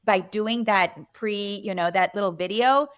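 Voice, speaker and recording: A woman's voice: mid-range voice, unhurried, smooth. A middle-aged woman physician, a podcast guest, chatting casually and often saying "you know" and "right?". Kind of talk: casual interview chat.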